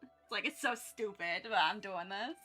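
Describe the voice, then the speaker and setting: A woman's voice: medium pitch, moderate pace, bright, forceful tone, faint music behind. A woman streamer chatting casually during her art livestream, rambling with many restarts and frequent giggles.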